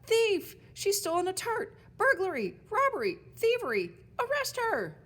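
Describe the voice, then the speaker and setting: A woman's voice: extremely high pitch, huge pitch swings, a little slow, a bit bright, voice pushed up, heavily acted. A woman putting on a barking talking shop sign. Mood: shrill alarm. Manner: barking, indignant, then wheedling. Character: pushy talking shop sign, male, officious.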